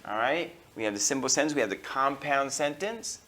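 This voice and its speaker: An American man teaching an English grammar lesson, slowing down on key terms and filling pauses with okay and all right. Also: mid-range voice, lively intonation, pushed and bright. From United States. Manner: slows down to stress key terms.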